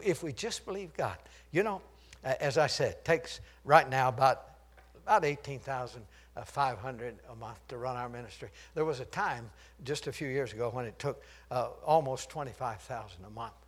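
At normal speed and in a mid-range voice, an older man gives a sermon that lurches between loud, shouted statements and soft storytelling. He chuckles at the jokes he tells.

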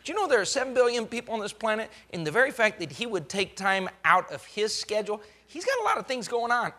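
A male pastor preaching a sermon, swinging from hushed, drawn-out lines to loud, fast bursts as he acts out what God says. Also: sits high, very animated.

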